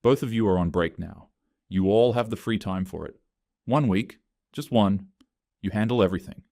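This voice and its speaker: A blunt teasing brother, as a narrator reads him. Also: male voice, fairly low pitch, moderate pace, creaky, darkish tone, dry recording, clean studio sound. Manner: blunt, matter-of-fact.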